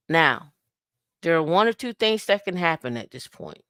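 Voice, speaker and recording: A woman co-hosting a podcast in casual talk, an emphatic, lively storyteller who acts out the dialogue and repeats her advice for effect. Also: on the low side, normal speed, no room sound, clean studio sound. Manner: emphatic, repetitive advice-giving. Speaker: podcast co-host.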